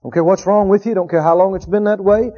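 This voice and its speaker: Male preacher, high voice, emphatic and repetitive delivery, muffled lo-fi sound. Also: fairly even intonation. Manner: emphatic, repeats key phrases, drawn-out quotes of scripture. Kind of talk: sermon. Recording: dull lo-fi recording.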